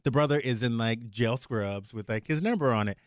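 Male podcast guest, mid-pitched, animated and blunt storyteller, dry close sound. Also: brisk, no room sound. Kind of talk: casual chat.

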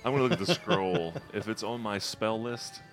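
Deep-voiced man playing a tabletop game. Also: soft background music. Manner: chatty, rule-minded, quick to laugh. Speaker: player. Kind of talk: casual tabletop play.

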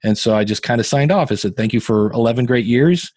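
With a mid-range voice and a quick pace, and no room sound, this Northeast Ohio man in his fifties swaps stories during a casual interview. He's a podcaster and guitarist who loves to chat and quotes others with lots of animation.

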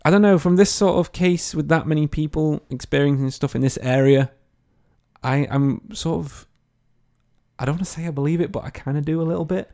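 A man's voice: fairly high pitch, a little fast, dark tone. A young man telling a story in a casual podcast chat, swearing and laughing often. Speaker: podcast co-host.

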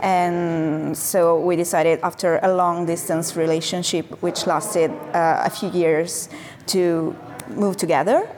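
A woman from Genoa, a food coach speaking as a guest, pausing often and filling gaps while she finds her words. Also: on the low side, steady tone, darkish tone, a little hiss or hum. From Genoa, Italy. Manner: hesitant, many fillers while searching for words. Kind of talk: conversational interview.

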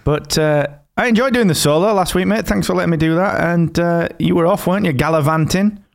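A man's voice: sits high, brisk, gravelly. A man co-hosting a casual podcast, playful and rambling, speaking into a new microphone. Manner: playful, rambling, banter-prone. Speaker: podcast co-host.

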